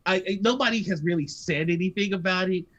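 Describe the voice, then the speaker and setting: This stream host is an American woman who chats casually, stammers, and laughs a lot. She speaks quickly in a lowish voice, and the recording's highs are cut off.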